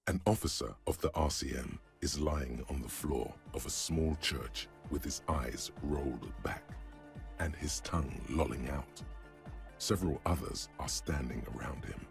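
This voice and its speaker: A grave, gravelly game narrator, his voice sitting extremely low with a rough fry. He describes scenes in a measured, dryly wry way, with faint music behind him. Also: exaggerated voice.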